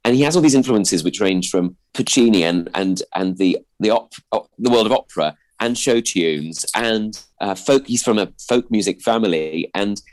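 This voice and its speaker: A man's voice: lowish voice, lively intonation, moderate pace, few pauses, darkish tone, rough recording. A man in his thirties with a posh-sounding voice, a comedian guest in a radio interview, talking hesitantly with many restarts. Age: 30s. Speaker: stand-up comedian.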